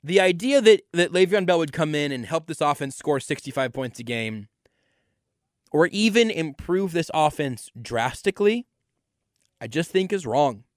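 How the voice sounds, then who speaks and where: A man's voice: on the high side, expressive, moderate pace, no room sound. Opinionated man, dry close sound. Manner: opinionated, repeats words for emphasis. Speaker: sports podcast host. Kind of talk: solo football analysis monologue.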